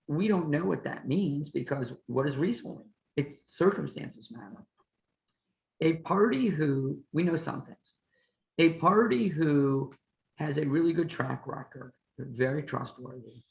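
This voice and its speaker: A man's voice: a little high, vocal fry, roomy sound, rough recording. A man who teaches law, explaining contract rules in a plain-spoken way with playful hypotheticals. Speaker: law professor and podcast host. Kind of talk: explanatory lecture chat.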